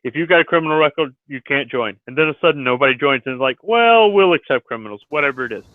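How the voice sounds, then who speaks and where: A man's voice: mid-range voice, fairly even intonation, racing, no room sound. A middle-aged man, a Marine veteran, telling stories in blunt, profane casual chat. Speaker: Marine veteran chatting in an online lobby. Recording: tinny phone-like voice chat.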